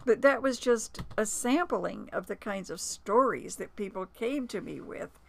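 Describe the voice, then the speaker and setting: Gravelly-voiced woman telling personal stories. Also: medium pitch, animated, unhurried. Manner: reflective, recounts anecdotes with quoted dialogue and small hesitations. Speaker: author and producer, interview guest. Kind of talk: conversational storytelling.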